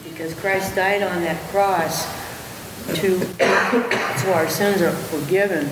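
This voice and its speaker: A woman answering a question in a group discussion, speaking in a thoughtful, measured way. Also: fairly low pitch, steady tone, roomy sound, big-room sound, heavy background noise. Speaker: study group participant.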